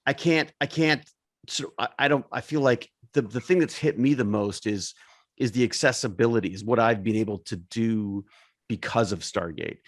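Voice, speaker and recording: A man, an actor guest, musing with lots of restarts and trailing off softly at the ends of his thoughts. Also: medium pitch, moderate pace, dry recording, clean studio sound. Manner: hesitant, restarts often, trails off quietly. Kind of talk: casual reflective chat on a video call.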